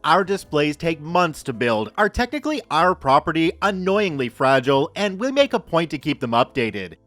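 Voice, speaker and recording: Man, scripted story narration, wry, animated delivery, somewhat high voice, dry close sound, soft music behind. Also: moderate pace, no echo.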